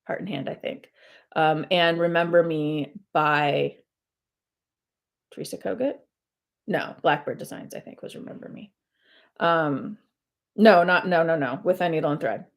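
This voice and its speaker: Casual female host, slightly low pitch, rambling live-stream chatter at home. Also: a little slow, vocal fry, long pauses. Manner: chatty and rambling, many fillers and self-corrections. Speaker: host of a cross-stitch video channel. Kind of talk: casual live-stream chat while stitching.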